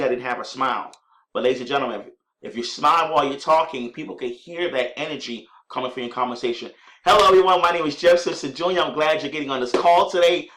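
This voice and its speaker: A man teaching network marketing conference-call skills with enthusiasm, often addressing listeners as ladies and gentlemen and acting out sample greetings. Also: medium pitch. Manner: acts out sample call lines in an upbeat voice. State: clearing a scratchy throat. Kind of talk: instructional talk on running conference calls. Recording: echoey room.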